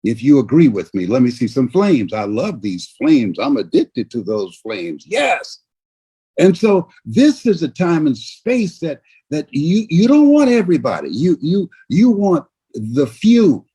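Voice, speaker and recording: Husky older preaching motivational speaker, man. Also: big pitch swings, unhurried. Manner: preaching with big swings from shouts to low murmurs. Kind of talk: motivational speech on a video call.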